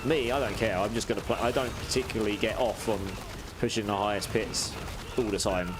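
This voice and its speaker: A man's voice: fairly low pitch, fairly even intonation, fairly quick, background noise. A British man streaming a game live, chatting casually as he reads out and answers viewer messages.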